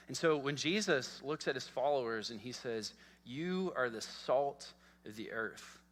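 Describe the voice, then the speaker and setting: Male pastor, earnest sermon delivery with a bright edge, reverberant sanctuary sound. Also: medium pitch. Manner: earnest, repeats words, asks "okay?" often. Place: church sanctuary. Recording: long church hall reverb.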